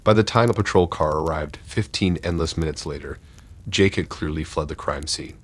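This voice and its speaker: Very deep husky male narrator. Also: normal speed. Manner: dark, steady storytelling. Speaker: horror story narrator. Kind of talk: scripted narration.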